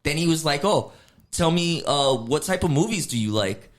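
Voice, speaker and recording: A man's voice: a little high, normal speed. A man co-hosting a casual podcast, retelling a news story with lots of "like" and acting out the quotes. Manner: animated storytelling, acts out quoted chatbot lines. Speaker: podcast co-host. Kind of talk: casual chat.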